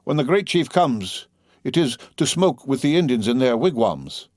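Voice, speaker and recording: A man voicing a crafty, persuasive male war chief who speaks in slow, measured, flattering oratory. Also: mid-range voice, no room sound, clean studio sound, voice pushed up, lightly acted. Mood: scheming.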